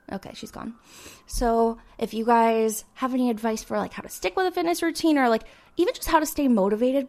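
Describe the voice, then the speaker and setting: A young woman with a slightly high voice talks through a casual solo podcast monologue. She rambles in a chatty, animated way, full of fillers. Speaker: podcast host. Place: indoors with sirens outside.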